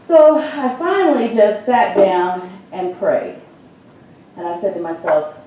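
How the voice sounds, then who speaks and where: A woman's voice: medium pitch, lively intonation, slow, warm tone, a little hiss or hum. A middle-aged woman minister giving a conversational sermon, telling a personal story with lots of filler words. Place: church sanctuary. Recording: very echoey hall from far off.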